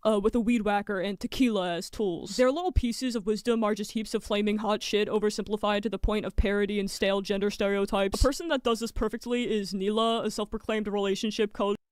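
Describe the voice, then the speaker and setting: Fast snarky woman narrating commentary. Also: mid-range voice, fairly even intonation, darkish tone, dry recording, clean studio sound. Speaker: video essay narrator. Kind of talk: scripted sarcastic commentary.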